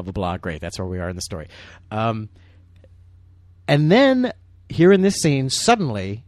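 A man's voice: mid-range voice, darkish tone, no echo, clean studio sound. A man talking casually over a film, rambling and restarting sentences as he tells stories. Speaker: film commentary co-host. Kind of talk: casual commentary chat.

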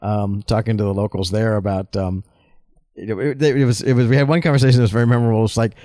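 A man's voice: lowish voice, fairly even intonation, fast talker, mellow, dry recording. Male co-host, casual commentary talk, dry booth sound, meandering storyteller. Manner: rambling anecdotes with many fillers. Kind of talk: casual movie commentary chat.

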